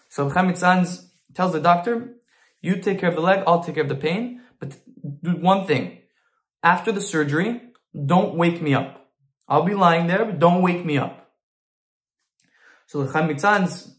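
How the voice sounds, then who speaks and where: A man's voice: on the high side, reverberant. A man teaching a Torah lesson through an informal story, with frequent restarts and Hebrew terms.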